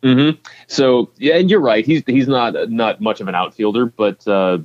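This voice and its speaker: A man's voice: medium pitch, unhurried, muffled recording. A man co-hosting a podcast, chatting casually about baseball prospects with plenty of restarts and fillers. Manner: rambling, many restarts and fillers. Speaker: podcast co-host. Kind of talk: casual sports chat.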